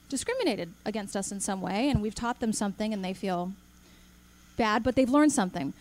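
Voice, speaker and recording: A woman giving a talk to an audience, telling a personal story with lively acted-out dialogue and questions to the crowd. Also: on the high side. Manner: animated storyteller, acts out quoted dialogue, asks the audience questions. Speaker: speaker.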